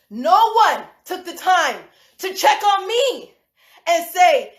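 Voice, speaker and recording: Brief: mother on a livestream, high voice, animated, laughs between lines, echoey room. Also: slow. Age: adult with school-age children. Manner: animated, laughing often, swearing. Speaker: livestream host. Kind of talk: casual livestream rant.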